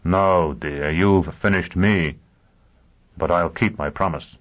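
A man voicing a hard, single-minded male hunter in an audiobook, speaking in a flat, blunt and terse way. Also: low voice, slow pace. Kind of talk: audiobook character voice. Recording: tinny phone-like sound.

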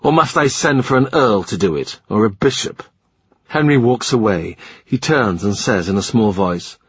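A man narrating a historical novel in a measured, literary reading style. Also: on the low side, animated, husky, dry recording. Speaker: audiobook narrator. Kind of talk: scripted narration. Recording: slightly muffled dry recording.

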